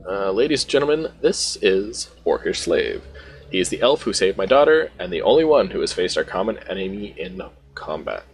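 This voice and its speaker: A man's voice: sits low, sing-song, normal speed, soft background music. A man voicing a cold, stern wealthy father in a game, reading his lines in his own plain voice. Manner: reads game dialogue aloud without doing a voice.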